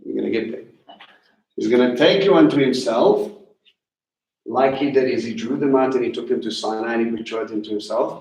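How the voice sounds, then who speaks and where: A man giving sermon-style teaching in an animated, questioning way, slowing down on the words he wants to land. His voice sits at a medium pitch. It is heard from a distance in a roomy, echoing hall. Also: a little hiss or hum. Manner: animated, questioning, slows to stress key words. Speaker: teacher leading a Passover Seder. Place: congregation hall. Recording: echoey room, voice from a distance.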